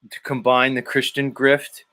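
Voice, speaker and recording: A man's voice: medium pitch, little pitch movement, a little slow, bright, forceful tone, smooth, dry recording, low-quality recording. A man with a Philadelphia accent who hosts a show, giving sardonic, musing livestream commentary that wanders off on tangents. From Philadelphia area, US. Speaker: show host.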